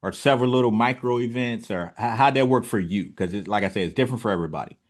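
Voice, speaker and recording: Man, host, fairly low voice, supportive, asks open questions. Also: fast. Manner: supportive, frequent short affirmations. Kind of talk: interview conversation.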